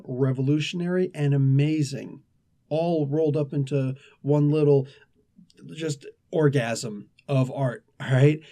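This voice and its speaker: A man's voice: fairly high pitch, warm tone. A man hosting a casual comic book review, talking in a chatty, rambling way with asides and restarts.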